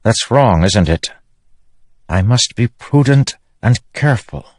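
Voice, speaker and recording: Impulsive young king, earnest and eager, voiced by a male narrator, high and lively, dry read. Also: slow pace, no echo.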